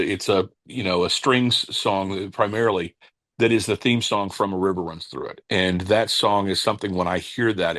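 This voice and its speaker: Brief: male interview guest, low and dry, halting casual storyteller. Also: dry recording. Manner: halting, with many restarts when searching for words; calm, unhurried anecdote telling. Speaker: cigar company owner, podcast guest.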